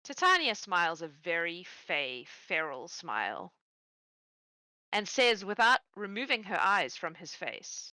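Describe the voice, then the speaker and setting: A woman narrating as game master of a tabletop game, telling the story in a relaxed, playful way. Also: fairly low pitch, unhurried, no echo, low-quality recording.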